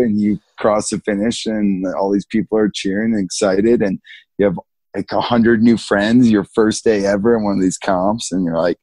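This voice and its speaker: A man in his thirties with a low, husky voice tells skiing stories in a laid-back, slangy way. He laughs often and acts out what others said along the way. The sound is close and dry. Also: fairly even intonation, normal speed, mellow, no echo. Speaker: guest, big mountain skier. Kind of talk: casual storytelling interview.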